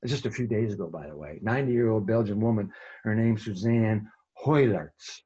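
Husky-voiced male pastor preaching. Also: fairly low pitch, normal speed, lo-fi sound. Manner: conversational preaching that swings between emphatic and hushed. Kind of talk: sermon.

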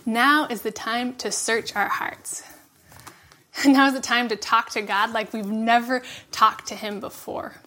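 A woman giving a reflective devotional sermon, laughing softly between phrases and dropping to a hush for emphasis. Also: a little high, steady tone, takes it slowly. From California. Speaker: preacher.

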